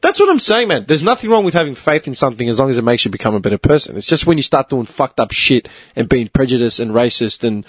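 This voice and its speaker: A man's voice: mid-range voice, big pitch swings, fast, hardly any pauses, slightly rough, dry recording. A young Australian man chatting casually as a podcast host, swearing freely and laughing often. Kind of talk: casual chat.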